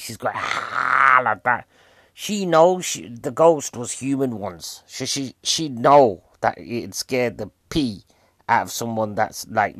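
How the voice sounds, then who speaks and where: A British man talks through a film review in a casual, cheeky way and keeps asking the viewer questions. His voice sits at a middle pitch. It is recorded close and dry, with no room sound around it. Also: dry recording. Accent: British English.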